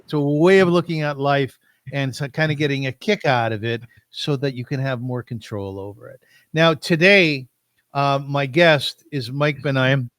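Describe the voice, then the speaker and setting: A man's voice: mid-range voice, moderate pace, a bit bright, dry recording. A man hosting an interview show, talking in a chatty way and laughing easily. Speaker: host. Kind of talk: casual interview talk.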